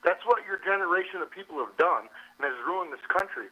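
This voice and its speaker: A man's voice: high-pitched, animated, fairly quick, breathy edge. A man calling in to a radio show, insistent and self-assured, over a dull phone line. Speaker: caller. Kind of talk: call-in talk radio.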